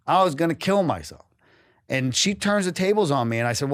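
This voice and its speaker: A man's voice: mid-range voice, very animated, brisk, fairly bright tone, dry recording, studio quality. A man from New England, a guest on a podcast, telling his story candidly and emotionally, swearing freely and often breaking off and restarting.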